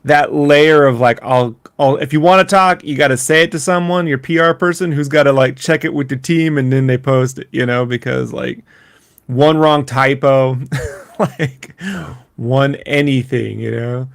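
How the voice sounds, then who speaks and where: A man's voice: medium pitch, steady tone, normal speed, gravelly, no echo, studio quality. A man co-hosting a podcast, chatting casually, joking and swearing, laughing often. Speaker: podcast co-host. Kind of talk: casual chat.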